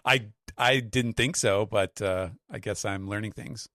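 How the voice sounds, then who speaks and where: A man's voice: lowish voice, measured pace, sharp tone, no echo. A man on a podcast as a guest translator, talking in a dry, self-deprecating way with lots of "uh"s. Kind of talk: casual chat.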